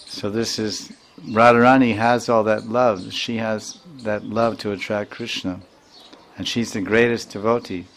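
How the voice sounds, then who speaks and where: A man's voice: on the low side, flat delivery, unhurried, a bit bright. Man teaching scripture, chanting Sanskrit verses. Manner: recites Sanskrit verses, then explains them line by line; chuckles while teaching. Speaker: spiritual teacher. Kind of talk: scripture lecture.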